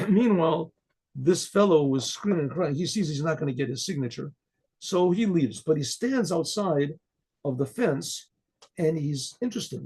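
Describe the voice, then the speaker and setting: A man, a rabbi, telling a Chassidic story in a conversational way, clearing his throat often. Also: fairly high pitch, animated, normal speed, a little mellow.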